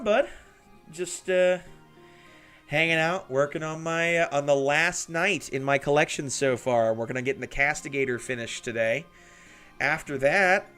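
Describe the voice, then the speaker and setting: A man's voice: on the high side, fairly bright tone. A man hosting a casual livestream from his hobby desk, chatting and laughing with viewers by name as he works. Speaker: livestream host building miniatures.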